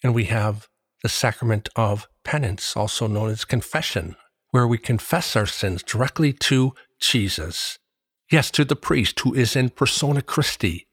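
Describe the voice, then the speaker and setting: Slow, husky man preaching earnestly. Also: lowish voice, dry recording, clean studio sound. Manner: measured, earnest, reads scripture aloud. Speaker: Catholic preacher. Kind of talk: slow devotional reflection.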